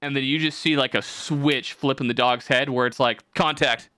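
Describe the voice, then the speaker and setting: A man's voice: medium pitch, fairly even intonation, moderate pace, sharp tone, smooth, dry recording, studio quality. A young man hosting a podcast, talking in a rambling, profane way and slipping into mocking voices. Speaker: podcast host. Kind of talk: casual podcast chat.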